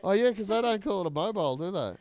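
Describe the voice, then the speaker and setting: A man with an Australian accent hosts a casual fundraiser chat, his voice sitting a little high. He jokes at his own expense and laughs a lot. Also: expressive, quick pace. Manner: jokey, self-mocking, laughs often.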